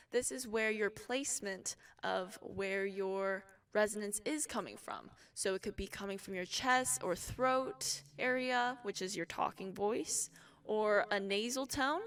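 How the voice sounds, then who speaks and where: Slow-talking woman vocal coach. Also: mid-range voice, clear, resonant tone, far from the mic. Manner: relaxed explaining, with sung demonstrations. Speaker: vocal instructor. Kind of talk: casual singing lesson.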